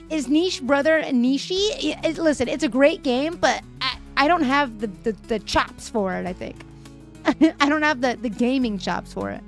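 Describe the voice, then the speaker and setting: A young woman hosting a live stream, chatting casually and reading viewer messages aloud with frequent laughs, her voice a little worn. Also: sits high. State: voice a bit fried. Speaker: livestream host. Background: faint music.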